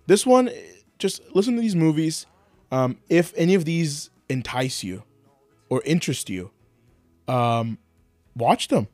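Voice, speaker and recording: Young male podcast co-host, animated and quick to laugh, lively pitch, dry close sound. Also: no echo, soft background music. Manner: animated, laughs often, acts out movie quotes in high voices. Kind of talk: casual chat.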